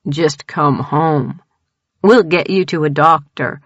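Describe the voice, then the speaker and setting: Woman voicing an angry husband, demanding, accusing, lower voice, dull sound. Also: slow pace, no echo. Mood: pleading. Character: angry estranged husband, hurt, confrontational.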